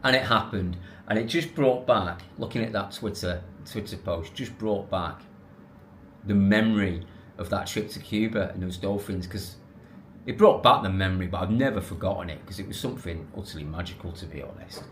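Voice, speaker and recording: A man telling a personal story to camera in a casual, animated, rambling way, restarting and correcting himself. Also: low voice, normal speed, slight background noise. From England. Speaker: vlogger.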